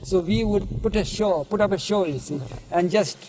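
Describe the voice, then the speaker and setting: A man with a high voice recalls old stories in an archival interview from 1971. He talks at a leisurely pace and keeps adding "you see" as he goes. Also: normal speed, noisy background. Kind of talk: anecdotal storytelling interview.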